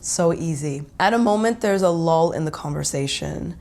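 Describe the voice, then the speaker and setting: A young woman hosting a podcast, telling a first-person story in an animated, giggly way and laughing often. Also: low voice, moderate pace. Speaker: podcast host.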